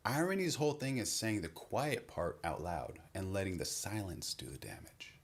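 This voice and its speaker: A man giving a measured, wry comedy breakdown monologue. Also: sits low, big pitch swings, breathy edge. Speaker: comedy commentator.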